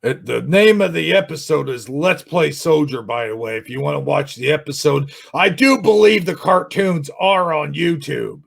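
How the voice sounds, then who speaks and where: A man reviewing another YouTube channel in an angry, sarcastic rant, swearing and shouting often. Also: on the high side, normal speed, creaky, few pauses. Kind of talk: ranting video commentary.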